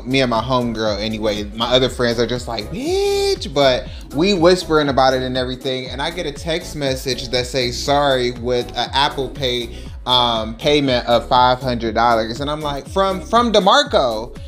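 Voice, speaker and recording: A man telling a casual storytime over a nail art tutorial, animated and acting out the quotes. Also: moderate pace, faint music behind. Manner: animated, acts out quotes in higher voices.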